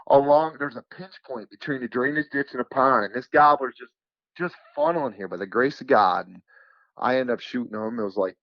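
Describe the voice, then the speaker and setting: A man from New York, a podcast guest, telling a hunting story in a casual, animated way, repeating words for emphasis. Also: medium pitch, moderate pace, dry recording, muffled recording. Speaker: podcast guest, turkey caller.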